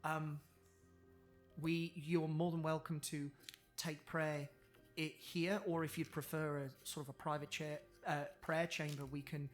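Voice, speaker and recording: A game master voicing a courteous kobold temple cleric who speaks haltingly, with many pauses and ums. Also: medium pitch, level tone, soft background music, natural voice. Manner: polite, halting, full of ums.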